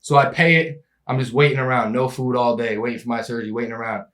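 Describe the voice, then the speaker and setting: A young man telling a long story in casual chat, animated and laughing, acting out the people in it. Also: mid-range voice, fast. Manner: animated, acts out voices in his story, laughs often. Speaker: podcast guest telling a story.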